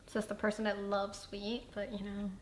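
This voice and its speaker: A woman hosting a casual chat over wine, animated and laughing, often jumping into high exclamations. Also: a little fast. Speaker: host.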